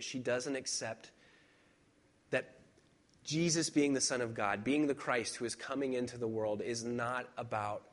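Conversational male pastor preaching. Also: medium pitch. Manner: conversational and personal, with reflective pauses; emphatic repetition. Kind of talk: sermon.

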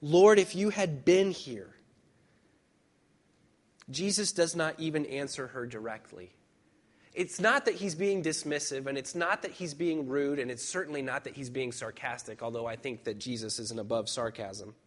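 This sermon comes from a man at medium pitch whose voice is a bit bright. As pastor, he keeps things conversational and personal, stopping for reflective pauses and stressing points through repetition.

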